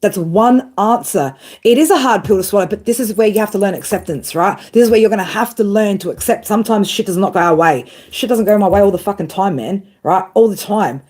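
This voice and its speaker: This is a woman in her thirties giving a tarot reading. Her voice is husky and a little breathy, at an ordinary pitch for a woman. She talks bluntly and swears freely, gives tough love, and keeps checking in with "right?". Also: fast, few pauses, darkish tone. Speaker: tarot reader.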